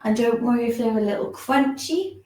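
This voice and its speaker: A woman teaching a gentle online movement class, giving soft, soothing instructions and yawning now and then. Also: a little high, moderate pace. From England. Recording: echoey room.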